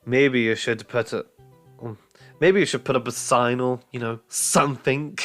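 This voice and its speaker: A man's voice: mid-range voice, steady tone, measured pace, fairly bright tone, soft background music, close to an everyday voice. A man voicing a complaining, exasperated boy twin. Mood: sarcastic. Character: grumbling, anxious boy twin.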